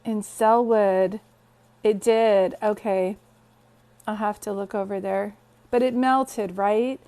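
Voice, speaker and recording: A woman's voice: medium pitch, steady tone, takes it slowly, mellow. A woman hosting a casual phone livestream from her bed, greeting viewers and telling stories in a chatty way. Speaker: psychic medium livestream host. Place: bedroom, sitting on bed.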